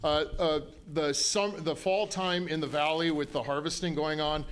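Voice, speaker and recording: Guy talking at a town hall, kinda high voice, folksy and easygoing, lots of ums. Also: fairly even intonation, moderate pace, smooth. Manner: folksy, conciliatory, frequent ums and restarts. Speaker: county official at a town hall. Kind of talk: public town hall remarks.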